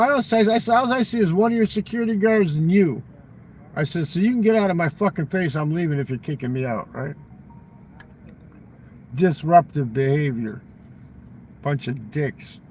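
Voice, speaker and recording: A man's voice: high voice, a little mellow, a little hiss or hum, poor audio. A man telling a long, profane casino story in casual talk, acting out the exchanges he quotes.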